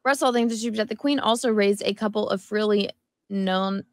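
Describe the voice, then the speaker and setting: A woman's voice: mid-range voice, fairly quick. A woman co-hosting a casual group chat, giggly and reading out viewer super chats.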